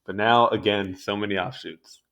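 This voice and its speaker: A man's voice: on the low side, fairly even intonation, normal speed, a bit bright. A young man reading an encyclopedia article aloud and going off on amused, rambling asides in casual commentary. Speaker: video host reading a wiki article. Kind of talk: casual read-along commentary.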